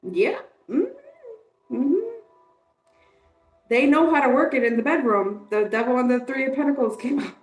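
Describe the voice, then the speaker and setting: A woman's voice: high-pitched, moderate pace, pauses often, echoey room, faint music behind, low-quality recording. A woman giving a casual tarot card reading, chatty and candid, swearing and laughing often. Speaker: tarot reader.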